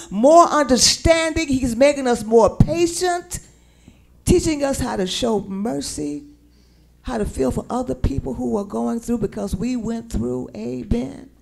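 A woman's voice: high-pitched, vocal fry, a little mellow. A woman preacher with a Southern American accent, delivering a sermon and drawing call-and-response from her congregation in church. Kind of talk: sermon with sung lyrics. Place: church sanctuary.

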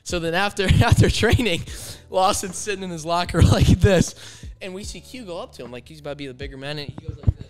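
A man's voice: sits high, quick pace, few pauses, soft background music. A young man, a college soccer player, chatting casually and animatedly on a podcast, laughing and swearing freely. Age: young adult.

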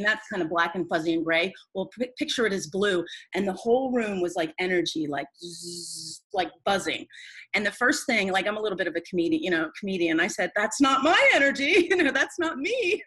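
A woman's voice: medium pitch, a bit bright, husky, low-quality recording. A woman who is a guest in a conversation, telling a personal story in an earnest, rambling way with many restarts.

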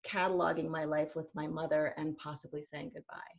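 A middle-aged woman, a singer-songwriter, talking casually in an interview, animated, laughing often and sometimes singing a phrase. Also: deep voice, brisk, creaky.

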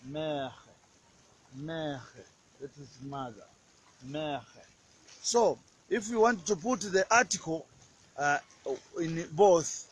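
Man, slow, repetitive language teacher, many fillers, outdoors by a lake. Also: fairly high pitch, fairly bright tone, a little hiss or hum. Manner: repetitive, hesitant, with many fillers and repeated words. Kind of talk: casual outdoor language lesson.

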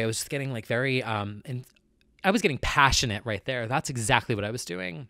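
Man, nasal voice, casual vlog chat, confessional and earnest, average pitch, dry close recording. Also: fairly quick, pushed and bright, no room sound. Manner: earnest and confessional, with many fillers. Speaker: vlogger.

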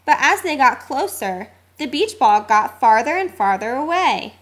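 Lady reading a kids' picture book out loud, slow and sing-songy, high bright voice. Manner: expressive, sing-song. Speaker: narrator. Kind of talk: children's storybook read-aloud.

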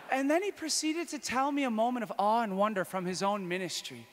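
High-voiced priest, echoing hall. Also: male voice, moderate pace, long pauses. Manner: lively storytelling, shifts between loud enthusiasm and hushed intimacy. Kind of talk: conference talk, personal testimony. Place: conference hall. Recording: long hall reverb.

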